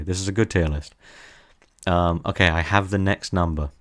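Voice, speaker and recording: A man's voice: low voice, steady tone, normal speed. A young man streaming from his desk, teasing his chat in a playful, casual way.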